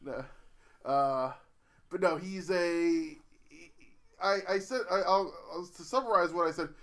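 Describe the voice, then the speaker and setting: A man's voice: sits high, fairly bright tone. A man with a slightly raised voice, chatting casually as a podcast co-host. He rambles and halts, breaking off and restarting his sentences as he goes. It sounds loose and unscripted. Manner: rambling, halting, self-interrupting.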